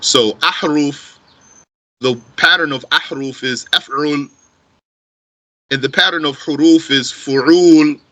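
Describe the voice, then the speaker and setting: A man's voice: a little high, slow, pauses often, fairly bright tone, poor audio. A man teaching an Arabic grammar class, thinking aloud as he answers questions and mixing in Arabic phrases. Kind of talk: live online class answering student questions.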